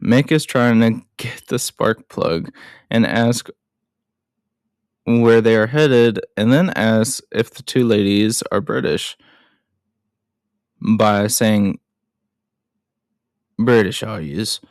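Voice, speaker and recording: A man talking through a film scene by scene in a casual recap. He speaks slowly and drops chatty, self-deprecating asides. The recording is dry and close. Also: fairly low pitch, fairly even intonation, smooth, no echo.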